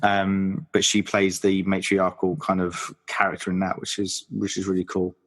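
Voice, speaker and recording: A man's voice: low voice, completely flat delivery, moderate pace. A man co-hosting a podcast, chatting casually about a horror film with many fillers and restarts. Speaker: podcast co-host.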